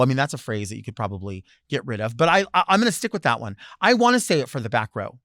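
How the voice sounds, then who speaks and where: A man hosting a talk show, delivering a sassy, theatrical solo monologue with loud bursts and low asides. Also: very animated, fast talker, hardly any pauses, no room sound, studio quality. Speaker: host.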